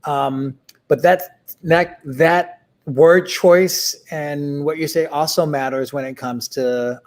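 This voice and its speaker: Halting middle-aged man in conversation. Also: mid-range voice. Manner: halting, full of fillers and restarts. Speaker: interview guest. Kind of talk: casual interview conversation.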